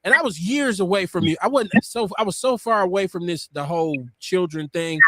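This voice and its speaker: A man hosting a casual podcast talk show, telling stories with lively quoted voices. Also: high voice, fairly quick, no echo. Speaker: podcast host. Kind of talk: casual chat.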